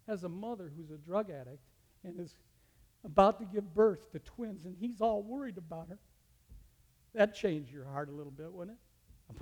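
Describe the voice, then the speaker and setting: A fairly high-voiced man, a teacher, tells a personal story as a testimony in a large hall. He is animated and his voice climbs sharply when he retells a scene. A long reverb trails each phrase.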